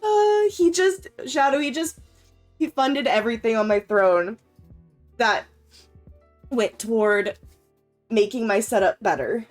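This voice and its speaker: A woman's voice: on the high side, lively intonation, takes it slowly, pauses often, faint music behind. A woman game streamer chatting casually to her viewers, emotional and stammering, often laughing as she talks. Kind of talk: casual live-stream chat.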